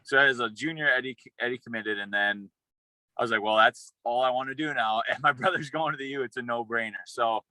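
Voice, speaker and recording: A young man, a former college football player, telling a rambling, excited story in a casual interview, with many restarts. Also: medium pitch, dry recording, low-quality recording.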